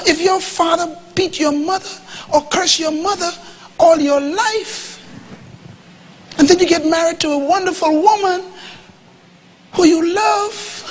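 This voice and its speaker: A man preaching a sermon to a congregation, swinging from loud to hushed and acting out quoted dialogue. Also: very high-pitched, slight background noise. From Bahamas. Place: church hall before a live congregation.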